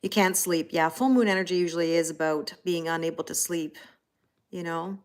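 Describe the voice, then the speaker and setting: Woman, forties, tarot reader on a home livestream. Slightly low voice, chatty, rambling, lots of fillers. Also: steady tone, brisk. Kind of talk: casual chat greeting live viewers.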